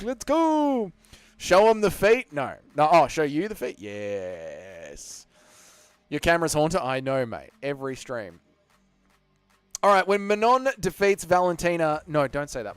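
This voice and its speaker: An Australian man hosting a casual livestream, reading viewer comments aloud and answering them in a cheeky, animated way with casual swearing. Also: fairly high pitch, no echo. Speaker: livestream host.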